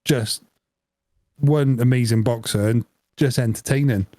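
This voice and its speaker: A man co-hosting a podcast, telling an animated story through laughter in casual chat. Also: mid-range voice, unhurried, no room sound. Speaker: podcast co-host.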